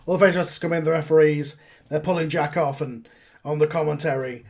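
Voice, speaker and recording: A man runs a tabletop game and narrates with an upbeat, loose delivery. His voice sits a little higher than most men's, and he breaks off into quick asides. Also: steady tone. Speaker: game master.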